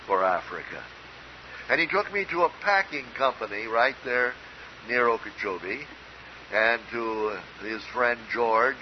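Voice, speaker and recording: Older guy from minnesota preaching, earnest and emphatic, muffled lo-fi recording. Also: on the low side. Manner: earnest, emphatic, with storytelling asides. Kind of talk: sermon. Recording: dull lo-fi recording with faint hiss.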